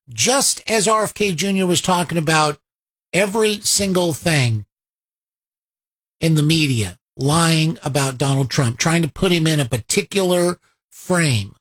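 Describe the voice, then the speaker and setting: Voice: medium pitch, a bit bright. A political commentator reacting to a played clip, firing off rhetorical questions and sarcastically quoting opponents.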